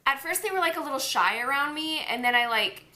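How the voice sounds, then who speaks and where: An excited young woman chats as a guest, talking eagerly and at length. Her voice is bright and rather high for a woman. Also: quick pace. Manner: enthusiastic, chatty. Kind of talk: casual chat.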